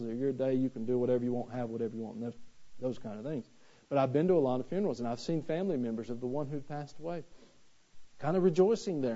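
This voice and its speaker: A man's voice: mid-range voice, mellow, highs cut off. A man, preaching a sermon in a folksy, conversational way with touches of humor, recorded in a church. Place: church sanctuary.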